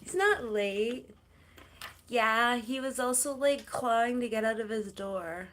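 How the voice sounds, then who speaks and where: Host from Canada, middle-aged woman, easygoing livestream chatter, cooing baby talk to her pets, voice sitting a little high. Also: slow pace, a little hiss or hum. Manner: chatty, coos softly to her cats. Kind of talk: casual livestream chat.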